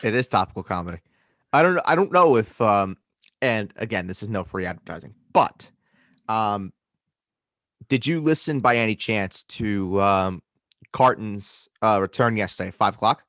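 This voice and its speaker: A man with a low voice talks on a casual podcast, telling stories with lively swearing. The recording is close and dry, with no room sound. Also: moderate pace, dry recording. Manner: animated storyteller, swears freely. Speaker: podcast host.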